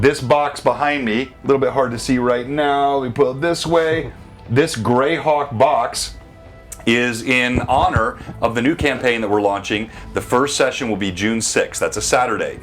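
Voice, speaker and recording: Guy gm hosting a live d&d stream, mid-pitch voice, dramatic scene narration, faint music under it. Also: a bit bright. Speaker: game master and stream host. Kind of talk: livestreamed tabletop narration.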